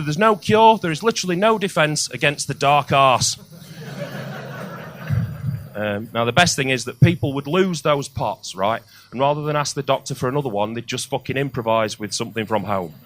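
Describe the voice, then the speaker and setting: A male stand-up comedian telling crude stories, loud and sweary, building to shouts. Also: mid-range voice.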